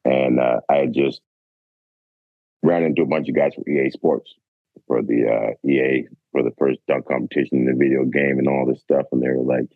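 Brief: Canadian man, 40s, very low husky voice, rambling laid-back storyteller, thin phone-like sound. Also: steady tone, moderate pace, no room sound. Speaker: guest, former basketball player. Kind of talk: casual storytelling. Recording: dry, phone-like narrow sound.

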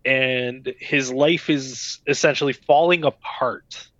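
A man's voice: mid-range voice, fairly even intonation, takes it slowly, fairly bright tone, no room sound. A man co-hosting a podcast in casual chat, talking loosely with many fillers and frequent laughter. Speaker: podcast co-host. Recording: dull dry recording.

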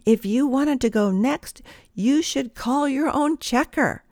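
A woman's voice: sits high, takes it slowly, darkish tone, dry recording, clean studio sound, voice pushed up. A woman putting on a snappish rude shopper. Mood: indignant. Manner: indignant, accusing.

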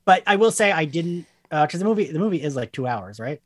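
A man's voice: fairly high pitch, very animated, fast, dry recording. Hesitant man with a dry, close sound. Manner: hesitant, many fillers and quoted inner thoughts. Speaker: podcast co-host. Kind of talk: casual film discussion.

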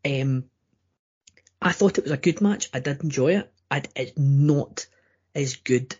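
A man's voice: medium pitch, a little slow, a little mellow, husky. A man co-hosting a casual podcast, stammering and restarting his sentences often. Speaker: podcast co-host. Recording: dull lo-fi audio.

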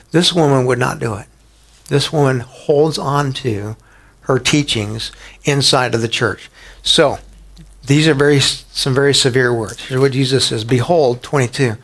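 A man preaching a sermon in a conversational way, asking the listeners rhetorical questions and rising sharply in pitch for emphasis. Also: measured pace. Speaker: pastor.

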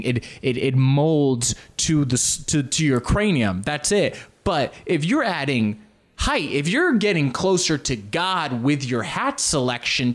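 A man telling casual, rambling stories on his own show, often jumping into loud comic impressions. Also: mid-range voice. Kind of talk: casual solo storytelling.

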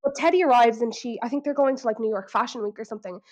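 Woman, Irish accent, casual chat, animated, slightly high pitch, exaggerated impressions. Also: fast talker, muffled recording. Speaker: podcast co-host.

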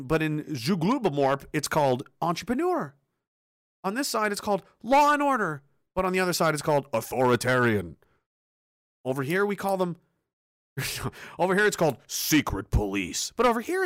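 Ranting male commentator, high animated voice, bright and dry, swears and mocks with put-on voices. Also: no echo. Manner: animated, mocking impressions, swears a lot. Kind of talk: profane ranting monologue.

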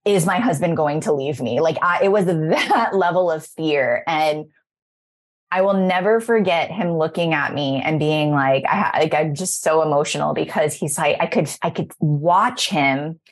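Speaking in a low voice at a measured pace, this podcast host in her thirties chats casually about spiritual growth. She is effusive and emotional, and her talk tends to ramble.

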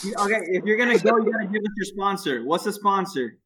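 A man's voice: high-pitched, expressive, quick pace, a bit bright, slight background noise. A man co-hosting a sports podcast, teasing and pushing the others along. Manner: teasing, pushy. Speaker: podcast co-host steering the segment. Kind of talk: casual sports chat.

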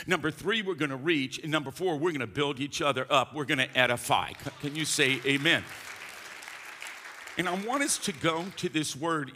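Emphatic male pastor, bright ringing voice. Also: mid-range voice. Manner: emphatic, call-and-response with the congregation. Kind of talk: sermon. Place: church sanctuary. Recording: long reverb of a large hall.

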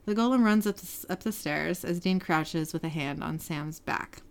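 A woman's voice: fairly low pitch, steady tone, normal speed, few pauses, clean tone. A woman on a casual podcast, retelling a TV episode scene by scene and reading the characters' lines aloud. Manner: reads character lines with brief voice shifts, laughs often. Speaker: podcast host narrating a TV episode.

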